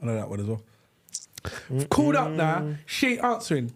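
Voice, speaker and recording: Animated high-voiced man telling stories. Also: normal speed. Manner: animated, laughing storyteller with slang. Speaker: podcast co-host. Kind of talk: casual storytelling with friends. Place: live podcast studio.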